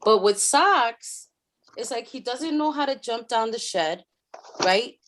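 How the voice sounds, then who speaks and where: A woman co-hosting a casual radio chat, telling stories in an animated way, swearing often and laughing a lot. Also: fairly high pitch, slow, slight background noise. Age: adult, has a son. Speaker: radio show co-host.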